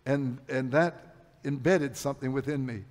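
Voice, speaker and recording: An older man preaching a sermon, telling personal stories, rising loud then dropping low. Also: fairly even intonation, normal speed. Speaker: pastor. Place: church sanctuary. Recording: long hall reverb.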